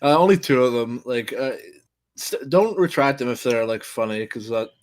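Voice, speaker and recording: A young man riffing casually on a video with a co-host, excitable and swearing, repeating words as he goes. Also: mid-range voice, normal speed, no echo.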